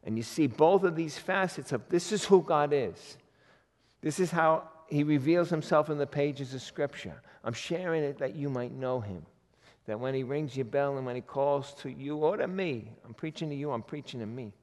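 A man preaching a sermon in a lively, folksy way, acting out quotes as he goes. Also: on the high side, moderate pace, in a large hall. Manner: animated, folksy, acts out God's voice in quotes. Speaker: pastor.

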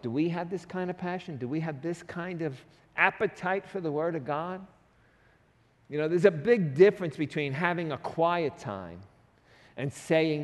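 A man preaching a sermon as a pastor, with a pleading, conversational way of talking and frequent asides. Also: on the high side. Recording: reverberant hall.

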